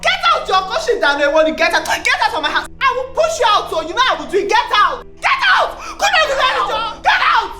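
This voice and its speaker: An actress with a Nigerian accent playing a grieving young pregnant wife who erupts into shouting fury. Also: female voice, very high-pitched, very animated, quick pace, few pauses, faint music behind, heavily acted. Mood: furious. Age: young adult. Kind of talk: film acting.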